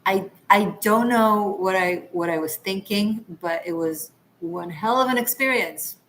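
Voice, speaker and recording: A woman's voice: medium pitch, measured pace, fairly bright tone, a little hiss or hum, rough recording. Chatty woman tarot livestream host. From Israel. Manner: chatty, laughing, rambling asides. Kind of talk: casual livestream chat.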